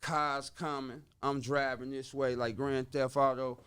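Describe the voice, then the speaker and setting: A man telling a story on a podcast in casual street slang, dropping in sound effects like woo and boom. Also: little pitch movement, measured pace, fairly bright tone, smooth. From Chicago. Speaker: podcast guest.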